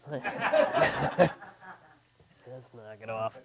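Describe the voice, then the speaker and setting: A young man from Long Island, doing a stand-up comedy set with a deadpan delivery. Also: fairly low pitch, extremely slow, a crowd in the background. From Long Island, New York. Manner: deadpan, mocking voices of others. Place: comedy club.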